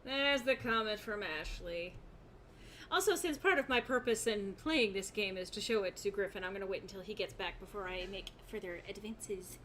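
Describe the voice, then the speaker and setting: A woman's voice: mid-range voice, brisk, fairly bright tone, a little hiss or hum. A young woman streaming a game, chatting casually, laughing often and reading chat aloud in a rambling way. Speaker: gaming streamer.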